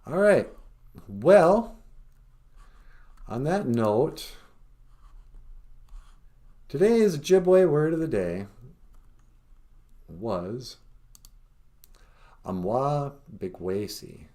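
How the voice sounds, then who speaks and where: A man's voice: a little high, big pitch swings, very slow, pauses often, mellow. A man from northern Minnesota hosting a casual livestream, rambling and joking at his own expense. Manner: rambling, self-deprecating joking, full of fillers. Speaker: podcast host and cartoonist.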